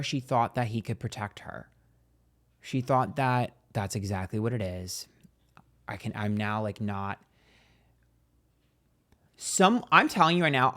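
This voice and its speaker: A man's voice: mid-range voice, a bit bright. A man giving a casual psychic tarot reading, rambling and hesitant, turning emphatic and profane.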